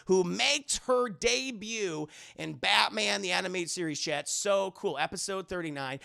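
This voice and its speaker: Excitable gravelly-voiced male streamer. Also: sits high, unhurried. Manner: excitable, crude, talks to chat. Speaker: streamer reviewing a cartoon. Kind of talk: casual scene-by-scene recap to a live chat.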